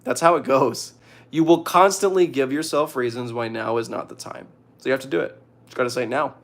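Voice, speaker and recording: A young man casually reading out viewer questions and giving joking, deadpan advice. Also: mid-range voice, fairly quick. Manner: reads questions aloud, jokey deadpan answers. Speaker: streamer answering viewer questions.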